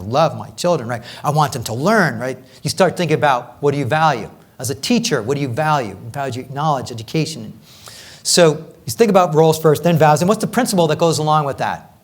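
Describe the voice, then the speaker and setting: A man with a somewhat high voice runs a live coaching workshop. He talks in an energetic, conversational way, repeating phrases for emphasis and often asking "right?" to keep the audience with him. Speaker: executive coach leading a workshop.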